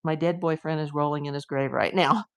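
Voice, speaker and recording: Low-pitched and steady, a woman from the USA speaks fairly quickly while live streaming as a private investigator. She works through a case with indignant, emphatic rhetorical questions.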